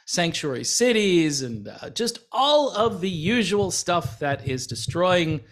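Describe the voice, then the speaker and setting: A man from the United States talks through a casual commentary vlog. His voice sits a little high, and he drifts between points with heavy sarcasm and plenty of "uh" and "you know". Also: very animated, takes it slowly, a bit bright. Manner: sarcastic, rambling with many fillers. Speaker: channel host.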